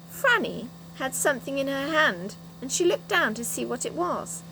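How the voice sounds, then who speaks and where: A woman reading a children's storybook aloud with an expressive delivery. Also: high voice, normal speed, vocal fry, hardly any pauses, a little hiss or hum, poor audio. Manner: expressive, animated. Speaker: reader.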